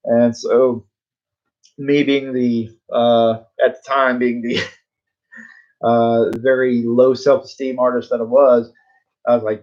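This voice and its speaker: A man's voice: medium pitch, fairly even intonation, a little slow, darkish tone, highs cut off. A man in his forties, a comic book artist, telling a rambling story to viewers in a laid-back, tongue-in-cheek way. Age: 40s. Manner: rambling, full of fillers, laughs at himself.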